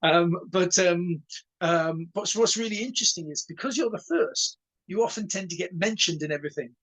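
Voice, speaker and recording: In a low-quality recording, a karate instructor from Wales in his sixties talks at a moderate pace, his husky voice pitched high. He's a guest in a casual interview, animatedly spinning stories, acting out conversations and stuttering when he repeats words.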